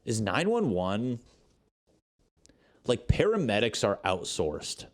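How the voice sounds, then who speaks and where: Young guy on his podcast, kinda low voice, rambling and cursing through a story. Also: huge pitch swings, takes it slowly. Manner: profane, rambling, acts out quotes. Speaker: podcast host. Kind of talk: casual storytelling monologue.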